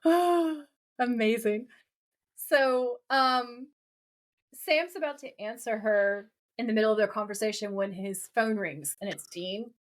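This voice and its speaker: A woman's voice: on the high side, measured pace. A woman co-hosting a podcast, recapping a TV episode in casual chat and acting out the characters' lines as she goes. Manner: animated retelling, quoting the characters' lines. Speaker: podcast co-host.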